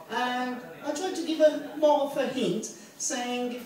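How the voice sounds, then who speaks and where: Slow-talking French-accented woman comedian. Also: fairly high pitch, a little mellow. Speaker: stand-up comedian. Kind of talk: stand-up routine at an open mic. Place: bar open mic stage. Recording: echoey bar from far off.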